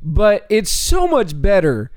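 A man's voice: high voice, wildly swooping pitch, slow pace, a little mellow, dry recording. A man co-hosting a podcast, joking and rambling through his points in casual chat. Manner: joking, rambling, fillers and restarts. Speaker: podcast co-host.

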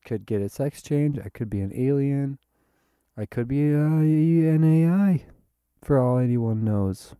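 A man's voice: mid-range voice, a little slow, mellow, clear, resonant tone, no room sound, clean studio sound. A man hosting a rambling solo podcast while tipsy, playful and self-mocking, drifting into sing-song. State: tipsy from drinking. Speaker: podcast host. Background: faint looped guitar.

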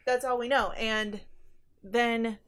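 A woman's voice: on the high side, fairly even intonation, slow pace, fairly bright tone. Chatty female podcast co-host recapping. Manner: chatty, explains the plot, laughs easily. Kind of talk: casual chat and reading a book aloud.

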